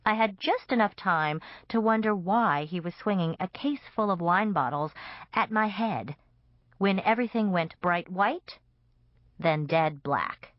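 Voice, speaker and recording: A woman's voice: mid-range voice, lively intonation, measured pace, no echo. A woman narrating a comic vampire novel in first person, with a wry storytelling manner. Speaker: audiobook narrator. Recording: dull, dry audiobook recording.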